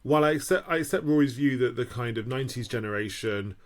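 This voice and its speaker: A man's voice: medium pitch, fast talker. A man on a podcast panel arguing a point, restarting his sentences often. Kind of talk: casual panel chat.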